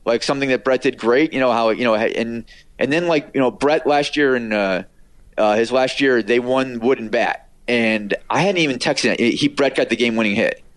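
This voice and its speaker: Middle-aged male radio producer, interview guest; rambling anecdotal delivery packed with fillers and quick impressions, mid pitch, dry sound. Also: dry recording. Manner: rambling, filler-heavy, acts out quoted voices. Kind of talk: casual storytelling interview.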